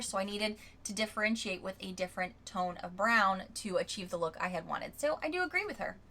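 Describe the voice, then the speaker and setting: A young adult woman reviewing beauty products in a casual vlog, reading viewer comments aloud in a chatty, candid way. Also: medium pitch. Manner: chatty and candid, rereads quotes with lively emphasis. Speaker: beauty vlogger.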